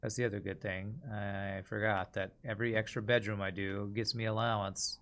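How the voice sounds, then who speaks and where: A man's voice: lowish voice, flat delivery, moderate pace, fairly bright tone. A man streaming a puzzle game, thinking aloud and mumbling as he weighs his choices in casual commentary. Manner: musing aloud, mumbling while deciding.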